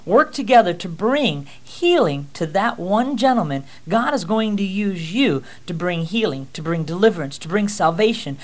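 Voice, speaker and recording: A man's voice: sits high, lively intonation, normal speed, hardly any pauses. A man teaching a ministry team how to pray for people, emphatic and repeating himself. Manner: emphatic, repeats "amen" and "first off".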